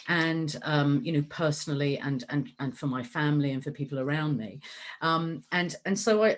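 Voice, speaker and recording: Low-voiced chatty woman, relaxed interview. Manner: chatty, many fillers and restarts. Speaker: interview guest. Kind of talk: conversational interview.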